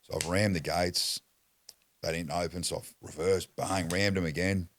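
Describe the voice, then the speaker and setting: A man's voice: deep voice, fairly even intonation, moderate pace, fairly bright tone, slight background noise. An Australian man telling a story as a podcast guest, blunt and foul-mouthed in casual chat. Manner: blunt, heavy swearing, acts out quotes.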